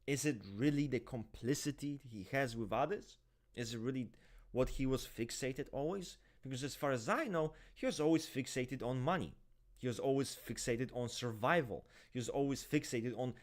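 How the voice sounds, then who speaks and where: Foul-mouthed ranting man, mid-pitched voice. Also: moderate pace. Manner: profane, ranting and animated. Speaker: typology show host. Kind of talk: casual unscripted chat with viewers.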